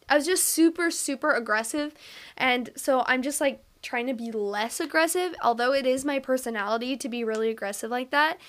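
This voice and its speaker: A woman's voice: on the high side, animated, brisk, fairly bright tone. A young woman hosting a casual podcast, chatty and a little self-conscious, with lots of fillers. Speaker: podcast host.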